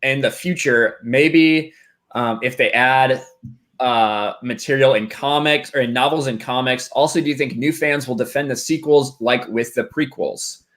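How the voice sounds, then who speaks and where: A man's voice: mid-range voice, a little slow, a bit bright. A man hosting a charity live stream with a mid-range voice. He reads out donations and thanks people in an easygoing, slightly hesitant way. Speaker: host.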